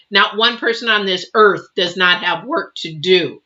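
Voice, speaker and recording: Female tarot reader, emotive, rambling and comforting; low-set, forceful tone, muffled lo-fi audio. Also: a little slow. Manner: emotive, chatty, reassuring, with many fillers and restarts. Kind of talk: live tarot reading and viewer Q&A. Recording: dull lo-fi sound.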